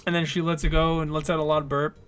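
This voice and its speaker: A man's voice: on the high side, little pitch movement, fast talker, fairly bright tone, smooth, lightly acted. A man voicing a brash, hard-drinking woman official who swears bluntly and sounds fed up with everyone. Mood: brusque. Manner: crude, blunt, exasperated.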